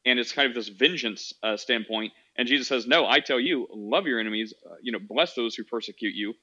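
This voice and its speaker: Man, podcast host, casual chat, rambling with fillers, bright tone, dull lo-fi sound. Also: medium pitch, a little fast, husky. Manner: rambling, many fillers and restarts.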